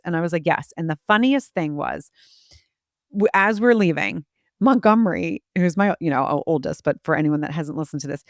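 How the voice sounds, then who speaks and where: A woman's voice: on the low side, lively intonation, fairly quick, no room sound, clean studio sound. A woman in her forties hosting a podcast, telling stories in a chatty way and acting out quotes with a laugh. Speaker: podcast host. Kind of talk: casual conversation.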